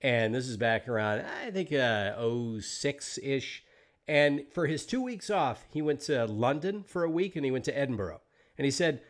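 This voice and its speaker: An American man hosting a podcast, interviewing a guest in a relaxed, conversational way with the odd swear word. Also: mid-range voice, normal speed. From United States. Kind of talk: casual interview chat.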